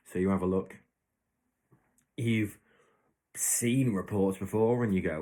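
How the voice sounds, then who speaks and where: A man's voice: deep voice, a little slow, pauses often, mellow. A man hosting his own podcast, talking casually and rambling through made-up examples with lots of restarts. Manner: rambling, self-correcting, storytelling with hypothetical examples. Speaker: podcast host. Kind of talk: casual solo podcast monologue.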